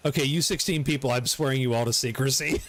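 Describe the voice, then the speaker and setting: A middle-aged man giving live commentary on his gameplay, excitable, swearing and laughing often. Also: mid-range voice, quick pace, slight background noise. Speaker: game streamer.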